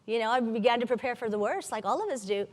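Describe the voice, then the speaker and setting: A woman with a fairly high voice tells her personal story to a conference audience, candid and lively, with flashes of humor. Her voice rings with the long reverb of a large hall. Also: quick pace. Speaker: patient advocate speaker.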